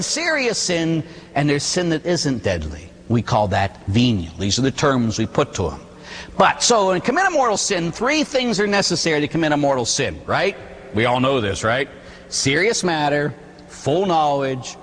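A man, a Catholic priest, giving an animated, conversational sermon full of rhetorical questions. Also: on the high side, in a large hall.

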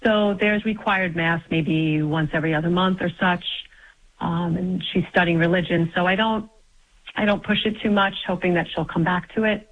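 A middle-aged woman from New York calls in to a radio show and talks hesitantly, full of ums and self-corrections. Her voice is on the low side, and the call comes through muffled and lo-fi. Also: steady tone, normal speed. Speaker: caller. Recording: dull lo-fi phone call audio.

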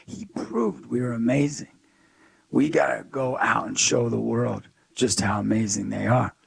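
In this animated interview, a guest who works as a youth speaker talks at a measured pace in a creaky, mid-range voice, with a little hiss or hum in the audio. He delivers energetic, emphatic stories and acts out the people he quotes.

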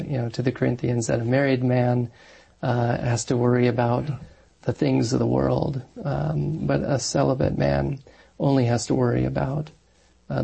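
A man, a married Catholic parish priest, answers questions in an earnest, thoughtful way, pausing on fillers as he goes. His voice is mellow and dark with a gravelly edge and a husky breathiness. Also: mid-range voice. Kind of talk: conversational interview answers.

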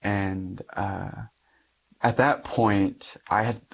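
A man's voice: on the low side, fairly even intonation, extremely slow, vocal fry. A young man, a Catholic priest, earnestly telling a personal story in an interview and often laughing between sentences.

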